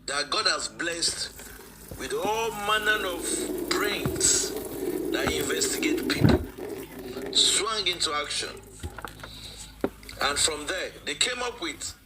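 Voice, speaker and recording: A man's voice: a little high, expressive, takes it slowly, long pauses, very noisy. A man, speaking as a guest in a live-stream discussion, emphatic and repeating phrases for stress.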